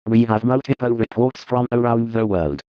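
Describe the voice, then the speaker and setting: A man voicing a formal news anchor with a measured reading, in a parody newscast. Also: mid-range voice, smooth, no echo, close to an everyday voice. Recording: dull, muffled sound.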